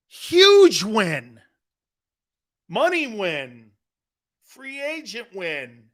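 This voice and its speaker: Middle-aged guy hosting a sports talk show, pretty high voice, blunt and pushy, keeps saying dude. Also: big pitch swings, very slow, long pauses, a bit bright. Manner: brash, blunt, emphatic, addresses listeners as dude. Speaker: sports talk show host and former player. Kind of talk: opinionated sports talk commentary.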